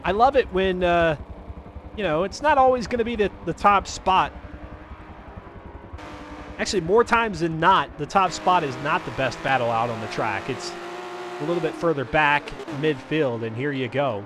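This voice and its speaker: A high-pitched man calls a live sim race for his stream, drifting into chatty asides with his viewers. Noise hums steadily behind his voice. The delivery is loose and rambling. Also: expressive, normal speed, fairly bright tone. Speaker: race commentator and stream host. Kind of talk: live sim racing commentary.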